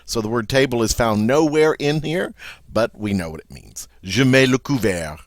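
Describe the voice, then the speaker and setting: Man teaching French words, lively pitch. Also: no room sound, clean studio sound. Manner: repeats each word slowly and clearly; relaxed, self-correcting. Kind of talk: vocabulary lesson.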